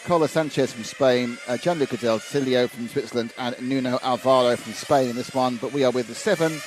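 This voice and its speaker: A man with a medium pitch talks fairly quickly during live commentary on a radio-controlled car race, casually chatting and reading viewer messages with asides. Race car engines and ambience fill the noisy trackside recording.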